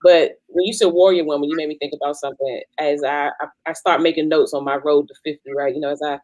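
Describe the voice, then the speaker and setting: A woman in her forties hosts a panel discussion in a casual, playful manner. She rambles through her asides and restarts her sentences. Her voice is mid-pitched and sounds dry and close. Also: steady tone, quick pace, darkish tone, no room sound, rough recording. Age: 40s. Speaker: panel moderator.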